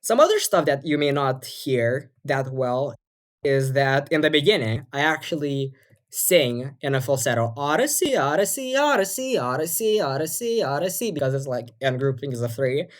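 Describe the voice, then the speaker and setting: Low-voiced woman rambling about her music. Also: normal speed. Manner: rambling, many fillers and restarts. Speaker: podcast co-host and music producer. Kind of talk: casual chat.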